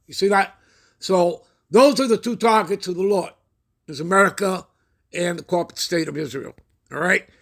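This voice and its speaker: A man's voice: sits high, creaky, fairly bright tone. A man hosting a prophecy channel, reading news reports and scripture aloud and commenting on them. He keeps checking in with his listeners and stops now and then to look things up. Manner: checks in with listeners constantly ("all right?", "okay?"); pauses while looking things up.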